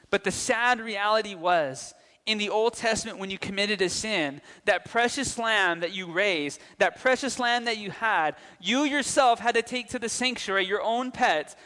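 A young man preaching a sermon, lively, asking the congregation questions and telling anecdotes. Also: sits high. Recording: long reverb of a large hall.

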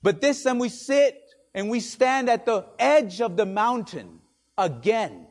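A man's voice: high voice, animated, measured pace. A male pastor whose first language is Spanish, preaching a sermon with dramatic drops to near-whispers for emphasis. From Spanish-speaking country.

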